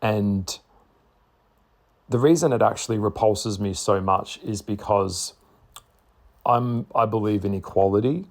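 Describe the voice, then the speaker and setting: A man talking bluntly to camera in a casual monologue, swearing freely and stressing his points with slow, repeated words. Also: fairly low pitch, darkish tone. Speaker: spiritual vlogger.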